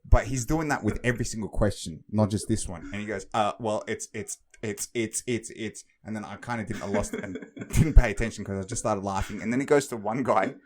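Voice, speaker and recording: Low-voiced guy, mock-sincere teasing. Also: fast, few pauses. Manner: playful mock-sincere, teasing questions, laughs often. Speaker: podcast co-host. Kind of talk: comedic podcast banter.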